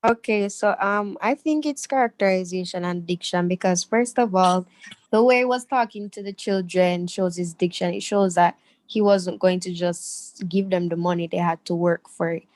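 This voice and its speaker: Low-voiced female student explaining answer. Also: moderate pace, darkish tone. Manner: thoughtful, uses fillers.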